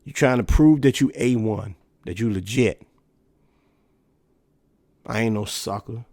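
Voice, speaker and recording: A man's voice: fairly low pitch, a little slow, darkish tone, no room sound. A man in his thirties hosting a solo podcast, talking casually and emphatically and asking rhetorical questions. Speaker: podcast host.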